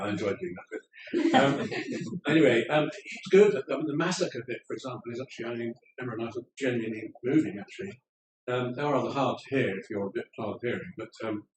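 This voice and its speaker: A man's voice: mid-range voice, a little mellow, a little hiss or hum. Guy giving a slide talk, kinda wandering and wry, sounds off-mic in an echoey room. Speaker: lecturer. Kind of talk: public lecture with slides. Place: lecture room in an old house. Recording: roomy room, speaker far from the mic, faint ambience.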